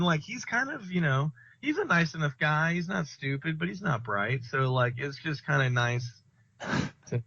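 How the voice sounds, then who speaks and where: A man's voice: medium pitch, vocal fry, pushed and bright. A young man co-hosting a casual podcast, rambling and swearing as he tells a work story and acts out what people said. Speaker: podcast co-host. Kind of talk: casual chat. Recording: dull lo-fi sound.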